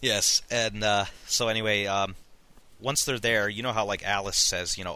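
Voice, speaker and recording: A man on a podcast retelling a story in casual chat, rambling and halting with lots of fillers. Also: deep voice, steady tone, sharp tone, smooth. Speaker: podcast co-host recapping a story.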